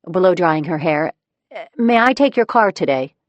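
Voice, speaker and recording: A woman voicing a resentful, defiant young adult daughter who answers with sulky, indignant retorts, her pitch raised above the narration. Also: animated, normal speed, dry recording, lo-fi sound, close to an everyday voice.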